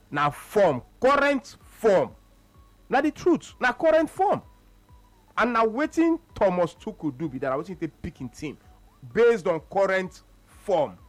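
A man speaking Nigerian Pidgin English as co-host of a casual sports radio talk show, repeating phrases for emphasis as he argues his point. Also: dry recording. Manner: animated, repeats phrases for emphasis, swings between low mutters and high exclamations.

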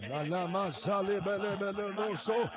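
A man's voice: sits high, normal speed, over a noisy crowd. A man leading prayer, chanting rhythmically in tongues and breaking into laughter between calls. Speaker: prayer leader. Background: loud music.

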